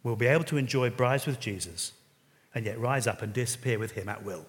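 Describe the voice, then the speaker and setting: A man preaching a sermon in an animated way, telling stories and rising suddenly into loud exclamations. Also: mid-range voice, fairly quick. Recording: long reverb of a large hall.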